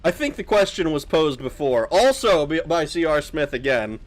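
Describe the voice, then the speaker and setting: A man's voice: fairly high pitch, big pitch swings. Joking, crude young male streamer. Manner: joking, crude, quick to laugh. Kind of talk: casual gameplay commentary.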